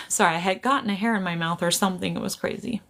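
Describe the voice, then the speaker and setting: Woman, psychic medium, casual livestream chat, gravelly voice, apologetic, laughs a lot. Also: medium pitch, fast talker, fairly bright tone. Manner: laughs often, keeps apologizing, easily sidetracked. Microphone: camera on a tripod.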